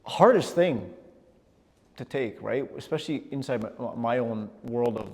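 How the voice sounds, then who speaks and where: A middle-aged man giving a personal storytelling talk, animated, often repeating words as he gathers his thoughts. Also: medium pitch, a little slow, creaky. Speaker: speaker. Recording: long hall reverb.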